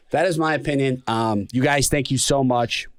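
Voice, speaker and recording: A man's voice: mid-range voice, normal speed, dry recording, studio quality. A man hosting a podcast in casual chat, laid-back and full of fillers. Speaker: podcast host.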